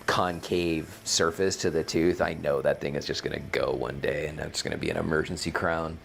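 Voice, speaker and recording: A man's voice: very deep voice, fairly even intonation, moderate pace, vocal fry, a little hiss or hum. A man hosting a casual gameplay livestream, rambling and thinking aloud, often correcting himself mid-sentence. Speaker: streamer, game host.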